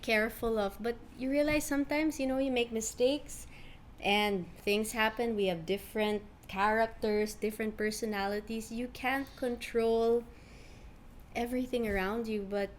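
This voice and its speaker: A woman speaking as a podcast guest, reflective and earnest in a measured way. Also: a little high, a little hiss or hum. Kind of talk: conversational interview.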